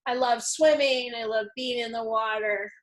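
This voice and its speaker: Middle-aged woman hosting a chat, effusive and emotional, kinda high voice. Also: fairly even intonation, moderate pace. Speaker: host. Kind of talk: casual interview chat.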